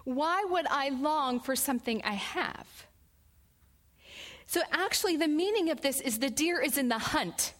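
Expressive woman teaching a Bible study. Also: sits high. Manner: expressive, slows down on scripture quotes.

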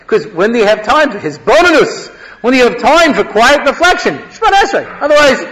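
A man's voice: very high-pitched, big pitch swings, normal speed, a bit bright, poor audio. A man, a rabbi, giving a conversational Torah class, mixing Hebrew phrases into his teaching. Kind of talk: lecture-style Torah class.

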